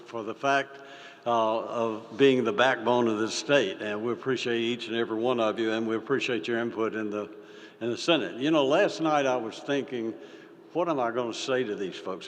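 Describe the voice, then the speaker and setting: An older man giving a folksy, halting speech as a state senator, with many fillers and restarts. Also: medium pitch. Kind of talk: folksy speech with a told story. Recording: reverberant hall.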